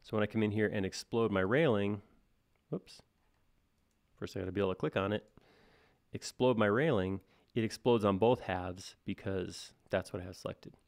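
A man teaching software on a live stream, thinking aloud in a casual, self-deprecating way as he works. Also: lowish voice, moderate pace, gravelly. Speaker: software instructor. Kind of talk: live-stream modeling tutorial.

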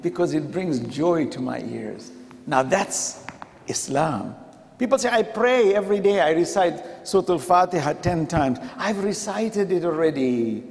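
A man's voice: fairly high pitch, expressive, unhurried, creaky. Man preaching in a reverberant hall. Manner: conversational, acts out quoted dialogue. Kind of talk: sermon. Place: mosque.

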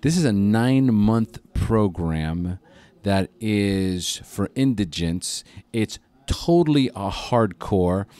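A man's voice: fairly low pitch, takes it slowly, no echo. A man telling a story on a podcast as a guest. He speaks casually, swears freely and acts out what other people said. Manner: profane, animated retelling with acted-out quotes.

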